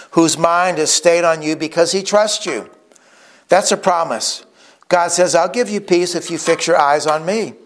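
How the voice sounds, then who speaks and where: A man preaching a sermon in an earnest tone, acting out the quoted speakers as he retells scripture stories. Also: a little high. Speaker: pastor.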